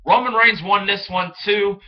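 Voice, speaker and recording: An excitable young man rambles through his thoughts in a fairly high voice, tripping over words as he goes. The sound is dull and lo-fi, like a cheap home recording. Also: normal speed. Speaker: wrestling fan vlogger. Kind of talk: casual solo commentary.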